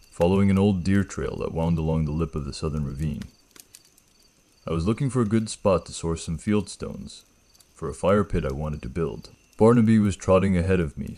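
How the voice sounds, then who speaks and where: A man with a slight gravel in his throat, telling a first-person horror story in a slow, measured, ominous way. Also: very deep voice, a little mellow.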